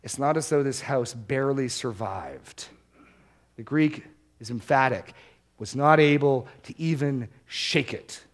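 A man preaching a sermon to a congregation, earnest, slowing down to stress key words and repeating them. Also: mid-range voice. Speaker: pastor.

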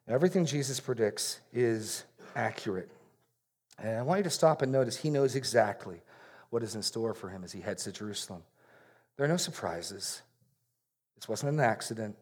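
A man preaching an expository sermon in an earnest way, repeating key phrases for emphasis and going quiet on solemn points. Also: fairly low pitch, lively intonation, normal speed, breathy edge.

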